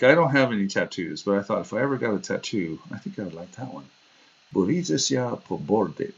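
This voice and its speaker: A man's voice: deep voice, husky. A man hosting a livestream, chatting casually and wandering from one story to the next, laughing at himself. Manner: chatty, digressive, laughs at himself, acts out quoted voices. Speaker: livestream host. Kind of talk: casual rambling livestream talk. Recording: dull lo-fi stream audio.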